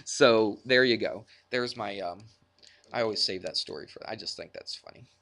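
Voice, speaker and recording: A man's voice: fairly low pitch, moderate pace, fairly bright tone. A man teaching a math class, telling a personal story in a chatty, self-deprecating way before getting back to the lesson.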